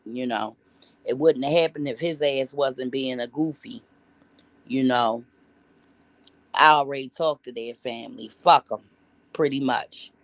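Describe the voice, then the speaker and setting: A woman's voice: a bass voice, unhurried, pauses often, no room sound. A woman vlogger telling a story in casual commentary, blunt and profane, rambling with restarts and asides. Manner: profane, blunt and heavy on slang.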